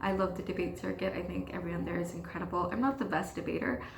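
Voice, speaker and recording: A woman's voice: lowish voice, flat delivery, fast, creaky, roomy sound, noisy background. A teenage girl hosting her own podcast, ranting frankly and self-deprecatingly in casual talk, swearing freely. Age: teens. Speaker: podcast host. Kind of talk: casual confessional rant.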